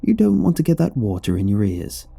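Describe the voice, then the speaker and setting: A man voicing a frail, warm old woman who works as a spa receptionist and speaks in a shaky, doting voice. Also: lowish voice, big pitch swings, brisk, vocal fry, breathy edge, no echo, full character voice. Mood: sweet, doting. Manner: sweet, doting, calls listener honey.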